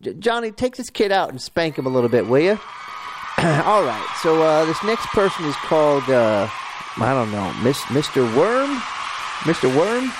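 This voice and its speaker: A man speaks as a folksy talk show host in a comedy sketch, stammering and repeating himself. His voice sits a little high, with a faint hiss behind it. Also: very animated, normal speed.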